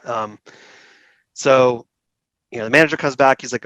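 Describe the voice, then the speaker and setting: A middle-aged man telling stories as a guest in an interview, relaxed and chatty, laughing often and acting out the people he quotes. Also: mid-range voice, moderate pace, dry recording. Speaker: saxophone repair technician, guest. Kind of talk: casual storytelling interview.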